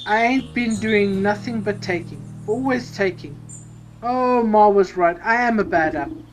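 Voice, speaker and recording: A woman voicing a huge, weepy male bandit who drawls and sniffles in rough rural grammar. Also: mid-range voice, a little slow, faint music behind, lightly acted, poor audio. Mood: remorseful.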